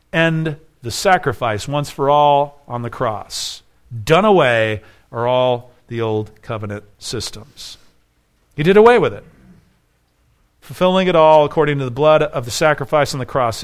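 A man's voice: a little high, fairly bright tone. A man preaching an expository sermon as pastor, emphatic and full of rhetorical questions.

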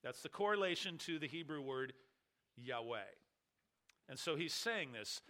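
A man's voice: a little high, lively intonation, measured pace, long pauses, pushed and bright. A man preaching an expository sermon in church, teaching with emphasis and repeating key words for weight. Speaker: pastor.

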